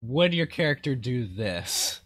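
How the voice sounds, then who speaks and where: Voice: medium pitch, very animated, unhurried, a bit bright, no echo. A podcast host running through interview questions, scattered and self-correcting. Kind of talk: casual podcast chat.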